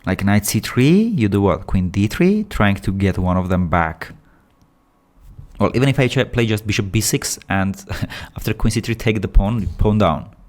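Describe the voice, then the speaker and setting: A man with phrasing giving excitable, animated live commentary on a chess game. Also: lowish voice, moderate pace. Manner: animated, excitable, with non-native English phrasing.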